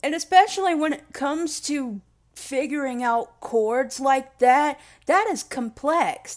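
A young woman talks slowly in a rambling, emotional vlog monologue. Her voice sits fairly high, and she mocks herself and swears freely. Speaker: vlogger.

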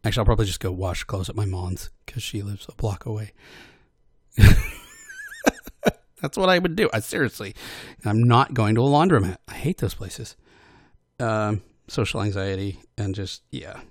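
Speaking in a husky, lowish, expressive voice, a man rambles casually about narrating audio posts, hesitant and self-deprecating with frequent restarts and fillers. When he quotes someone he slips into fast character voices, and there's no echo on the recording.

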